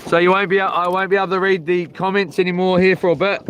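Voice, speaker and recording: A man's voice: sits high, level tone, fast, a bit bright, muffled recording, slight background noise. A man chatting casually on a live fishing stream, laid-back and slangy. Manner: laid-back, slangy, chuckling at his own jokes. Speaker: fishing vlogger. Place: outdoors by the water.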